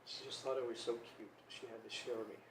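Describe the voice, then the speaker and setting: A man interviews a guest in a loose, joking way, speaking at a middle pitch. He sits away from the microphone, and the room around him rings with echo. A faint hiss runs underneath. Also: fast. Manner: relaxed, joking, conversational. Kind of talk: casual interview chat. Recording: roomy room, distant mic.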